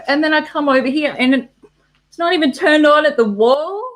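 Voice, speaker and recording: A woman's voice: sits high, fairly quick. A woman hosting a casual live stream, rambling through stories with frequent swearing and laughter at herself. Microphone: laptop mic.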